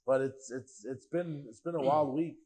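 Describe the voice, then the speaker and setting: Young man, podcast guest, casual storyteller, animated, mid pitch, heavy slang. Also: normal speed, a loud crowd. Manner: animated storyteller, acts out voices of others, heavy slang and profanity.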